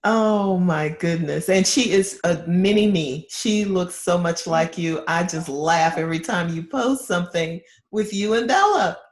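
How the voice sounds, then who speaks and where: A woman's voice: fairly low pitch, expressive, unhurried, hardly any pauses. A woman hosting an interview, responding to her guest with brief, affirming remarks. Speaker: interview host. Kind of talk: casual interview. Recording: roomy echo.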